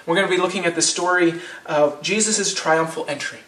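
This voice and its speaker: A man's voice: a little high, brisk, a bit bright, echoey room, far from the mic, slight background noise. A man in his thirties preaching a sermon as pastor, conversational, with frequent restarts and rhetorical questions.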